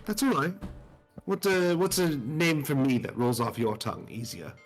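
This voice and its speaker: A man playing his character in a tabletop role-play, talking haltingly and laughing easily. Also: on the high side, lively intonation, faint music behind. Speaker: player.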